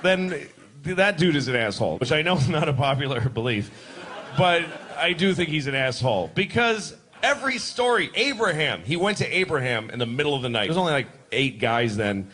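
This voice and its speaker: A man doing a stand-up routine on a club stage, acting out characters with sudden shouted bursts. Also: on the high side, animated, a little fast. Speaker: stand-up comedian. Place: comedy club stage before a laughing audience. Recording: live club recording with crowd laughter.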